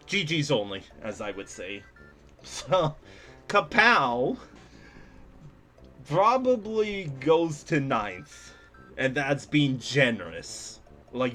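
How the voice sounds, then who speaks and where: Judging entries in a level design contest, a young man streams casual gaming commentary, talking to his chat and laughing a lot. His rants send his voice up into an excited high pitch, and he swears casually.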